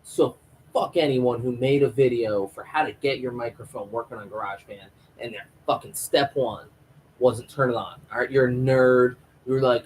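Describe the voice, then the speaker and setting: A man's voice: medium pitch, moderate pace, slight background noise, rough recording. Profane, rambling man hosting a live review. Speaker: host of a live TV episode review stream. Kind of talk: casual live review rant. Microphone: home microphone.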